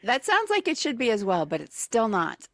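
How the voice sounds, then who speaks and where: A woman's voice: a little high, huge pitch swings, moderate pace, fairly bright tone, no room sound. A woman co-hosting a morning radio show, playfully reading out trivia clues and giggling with her partner at a studio microphone.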